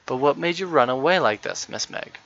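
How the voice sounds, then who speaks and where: A brisk, firm children's nurse, played by a man reading aloud, a little louder and bright. The recording is dry and dull, like lo-fi audio. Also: fairly high pitch, lively intonation.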